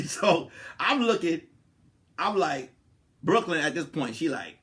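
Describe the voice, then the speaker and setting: Guy comic telling a wild story on his podcast, highish voice, super lively, goes quiet then gets loud. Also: slow. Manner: animated, swings from hushed asides to loud laughing outbursts. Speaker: comedian podcast host.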